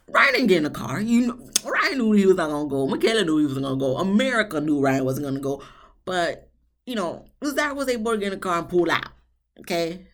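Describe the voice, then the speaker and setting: A woman's voice: lowish voice, fairly quick. A woman recapping a reality TV episode in a chatty, slangy way, acting out what the people said. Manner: animated storytelling, acts out quotes from the episode. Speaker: reality TV reviewer.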